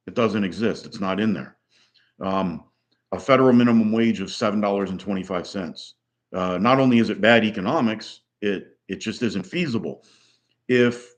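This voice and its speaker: A man in his sixties ranting with strong opinions, rambling with many pauses and restarts. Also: fairly low pitch. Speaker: vlogger. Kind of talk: solo opinion rant.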